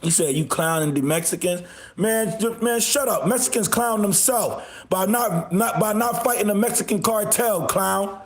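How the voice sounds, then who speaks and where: High voiced dude ranting slow on his stream, mocks the chat, echoey room. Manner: mocking, loud laughing outbursts, insults viewers. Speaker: livestream host. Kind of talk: ranting livestream commentary.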